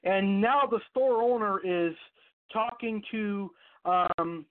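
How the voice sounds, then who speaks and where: A man's voice: high voice, takes it slowly. A man hosting an online radio show, telling a personal story in a rambling, casual way with many fillers and restarts. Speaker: podcast host. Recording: tinny phone-line sound.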